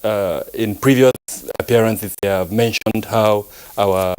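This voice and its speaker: A man speaking as a security analyst guest on a live news panel, measured and hesitant, with many fillers and restarts. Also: on the low side, steady tone, darkish tone, smooth, rough recording. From Nigeria.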